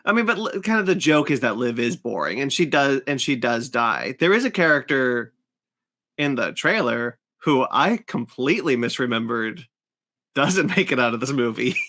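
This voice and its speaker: Bright-voiced animated man. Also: medium pitch, moderate pace. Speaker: podcast co-host. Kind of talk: casual chat.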